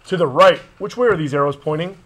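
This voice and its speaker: Man, physics teacher, bright voice, slightly high, brisk classroom talk, faint room noise. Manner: brisk, conversational, joking asides. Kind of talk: classroom review lesson.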